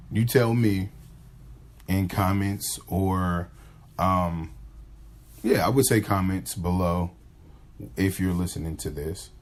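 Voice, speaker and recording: A man with a low-pitched voice hosts his own podcast, talking off the cuff. He rambles, restarts his sentences and slips into livelier voices when he acts out pickup lines. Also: a little mellow. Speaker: podcast host. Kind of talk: casual monologue.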